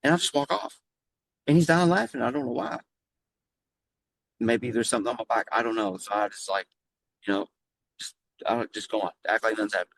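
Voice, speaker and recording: A middle-aged man who owns a flooring business, telling stories lively and casually in an interview, swearing freely. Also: mid-range voice, brisk, gravelly, long pauses, dry recording, rough recording. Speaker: guest, flooring business owner.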